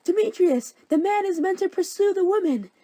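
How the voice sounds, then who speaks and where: A woman's voice: very high-pitched, animated, moderate pace, warm tone, dry recording, pitched above the performer's own voice. A woman voicing Helena, a clingy, lovesick young woman who pleads in a whiny, raised voice. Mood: pleading.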